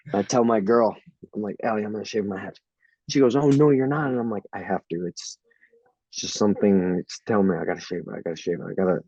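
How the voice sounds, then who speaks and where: A man's voice: on the low side, dark tone, slightly rough, no echo, highs cut off. A young man in a casual interview, laughing and acting out quotes as he tells stories. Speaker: fighter.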